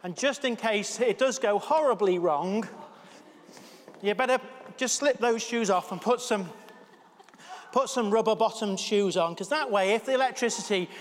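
Joking pastor in an echoing church. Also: male voice, sits high, normal speed, slight background noise. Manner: jokey, energetic, cheering people on. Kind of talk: all-age church talk with a live demonstration. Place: church hall.

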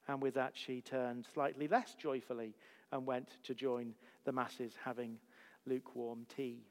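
A man delivers a sermon from the front of a church, his slightly raised voice ringing out with a long reverb. He builds his points through emphatic rhetorical questions in a steady preaching cadence. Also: a little high. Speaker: pastor.

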